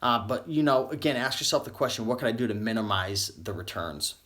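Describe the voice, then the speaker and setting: A man's voice: medium pitch, lively intonation, a little fast, fairly bright tone. A young adult man chatting casually on a live stream about reselling clothes, rambling with many fillers and restarts, his voice starting to wear out. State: losing his voice. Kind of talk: live-stream tips chat.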